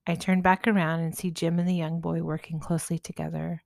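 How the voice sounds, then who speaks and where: A woman, a spiritual healer, narrating a story in a gentle, measured way. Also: sits low, flat delivery, gravelly, no room sound.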